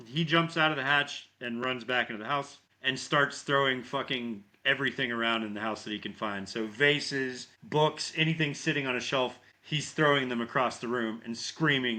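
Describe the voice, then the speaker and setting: A man co-hosts a podcast and retells a horror film scene by scene, swearing freely and acting out the characters' lines. His voice is bright and forceful at a middling pitch. He keeps it loose and conversational, like talking with a friend. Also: moderate pace, few pauses. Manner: animated storyteller, heavy swearing, acts out lines. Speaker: podcast co-host. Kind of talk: casual movie recap chat.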